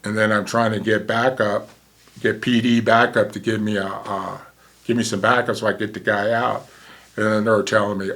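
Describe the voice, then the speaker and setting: A man's voice: on the low side, level tone, normal speed, fairly bright tone. A man in his sixties, a former paramedic, telling a vivid story in a casual way and acting out the dialogue.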